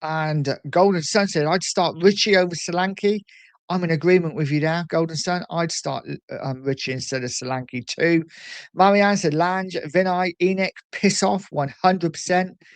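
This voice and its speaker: A man hosting a casual livestream, reading out viewer comments in a chatty, animated way with frequent ums. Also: fairly high pitch, normal speed, no echo. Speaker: livestream host reading chat. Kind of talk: casual live chat.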